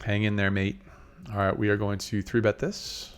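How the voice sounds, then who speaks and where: A man's voice: on the low side, flat delivery, normal speed, clear, resonant tone. A man hosting a casual poker live stream, chatting easily with viewers while talking through his hands. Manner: laid-back, chatty, multitasking while reading chat. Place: in Las Vegas.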